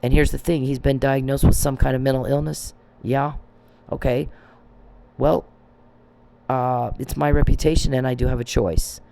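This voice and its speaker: A man's voice: medium pitch, flat delivery, normal speed, gravelly, dark tone, a little hiss or hum. A man delivering an agitated, accusing monologue, swearing freely and repeating himself for emphasis. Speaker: vlogger. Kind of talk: ranting monologue.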